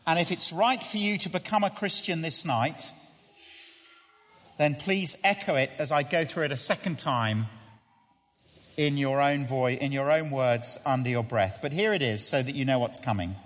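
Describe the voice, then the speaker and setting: A man preaching an earnest, conversational evangelistic sermon and leading a prayer. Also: fairly bright tone. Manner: earnest, conversational, dropping low and slow for prayer. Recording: long hall reverb.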